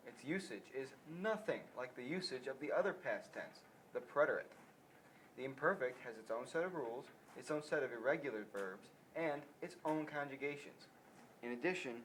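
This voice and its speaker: A man's voice: mid-range voice, a bit bright, slight background noise, poor audio. A young man reading a school presentation on Spanish grammar from a script, with a slight stumble over Spanish words. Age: teenager or young adult.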